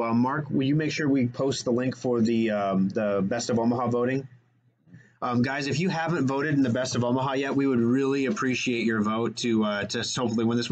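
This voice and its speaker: A man hosting a radio show, talking fast and energetically in casual chat and correcting himself as he goes. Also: medium pitch, highs cut off.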